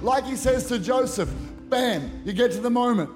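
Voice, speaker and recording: A man's voice: very high voice, expressive, moderate pace, hardly any pauses, music in the background. A middle-aged male pastor preaching a conference sermon into a handheld microphone, emphatic and acting out prayers. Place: large church auditorium at a conference.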